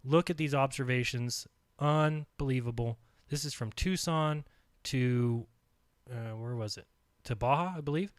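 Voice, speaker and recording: A man's voice: medium pitch, a little slow, clean tone, no room sound. A man hosting his own channel, commenting insistently over video clips, repeating his points with emphasis. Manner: talks while eating. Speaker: channel host reacting to a video.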